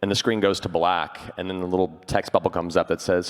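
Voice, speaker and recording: A man with a very low voice tells an eager, animated anecdote as a panel guest. His mic carries a long reverb from a large hall. He talks casually, building the story up. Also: fairly quick. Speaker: voice actor on a convention panel.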